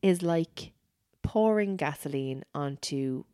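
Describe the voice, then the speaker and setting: Woman, low voice, dry close sound, casual emphatic chat. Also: animated, slow, warm tone, clean tone, no room sound. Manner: chatty, emphatic, repeats herself. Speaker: podcast co-host.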